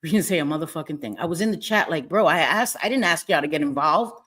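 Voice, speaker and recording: A woman's voice: sits low, animated, quick pace, fairly bright tone. A middle-aged woman hosting a livestream, angry and profane, repeating herself as she talks to her chat. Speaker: livestream host. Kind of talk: heated livestream rant. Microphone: webcam or phone.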